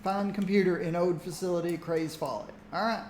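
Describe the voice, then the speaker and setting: A man's voice: sits high, steady tone, a little fast, darkish tone, reverberant, a little hiss or hum. A man chatting casually while streaming a game, rambling and laughing often. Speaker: gaming streamer. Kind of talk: casual gameplay commentary.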